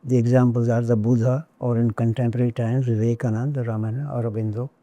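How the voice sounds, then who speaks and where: Mellow-voiced man giving a measured lecture. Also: mid-range voice, flat delivery, no echo, highs cut off. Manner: measured, deliberate delivery with wry asides. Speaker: lecturer on spiritual traditions.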